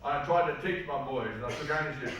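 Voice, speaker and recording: An Australian man gives a seminar talk in a large hall, recorded from a distance so his voice carries a heavy echo. His tone is bright and forceful, and he tells personal stories in an earnest, plain-spoken way. A faint hum of room noise sits behind him. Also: a little high, fast. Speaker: seminar speaker. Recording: echoey hall, mic far off.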